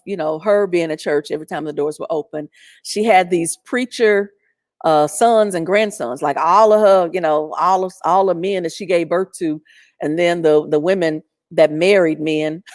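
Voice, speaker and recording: A middle-aged woman telling a personal story in an animated, chatty way with lots of fillers. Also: fairly low pitch, no echo, studio quality.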